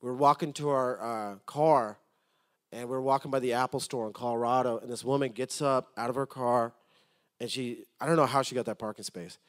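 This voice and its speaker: This is a male preacher addressing his congregation, shifting from loud pleas to gentle, whispered storytelling and repeating words at the start of a thought. He has a medium pitch, fairly even intonation, and a brisk pace.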